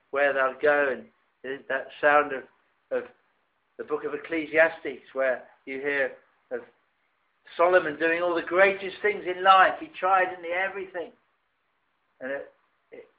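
A man preaching a sermon, often restarting and rising to emphatic phrases. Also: a little high. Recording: tinny phone-like recording.

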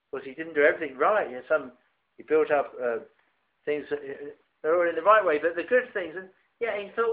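A man's voice: on the high side, brisk. A man preaching a sermon, often restarting and rising to emphatic phrases. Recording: tinny phone-like recording.

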